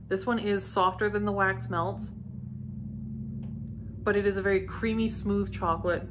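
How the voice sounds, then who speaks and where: A middle-aged woman from Canada chatting casually as she unboxes and sniffs candles, gushing softly and lingering over each scent. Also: mid-range voice, a little hiss or hum. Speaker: candle review vlogger. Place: home.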